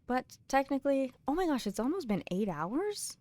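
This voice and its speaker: A British woman streaming a game live, chatting casually with viewers and reading in-game books aloud, laughing often and dropping into soft mutters. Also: sits high, big pitch swings, normal speed, no echo.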